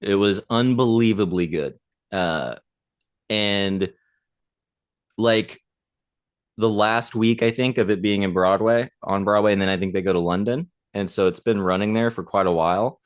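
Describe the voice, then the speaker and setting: Casual co-host, man in his thirties, low smooth voice, excited rambling storyteller, many fillers. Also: unhurried. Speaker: podcast co-host. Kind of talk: casual chat.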